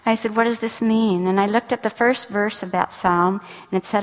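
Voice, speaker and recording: A woman Bible teacher giving a sermon, telling personal stories with intimate warmth and dropping to a soft whisper when she speaks the words of God. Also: medium pitch, fairly even intonation, normal speed. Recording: reverberant hall.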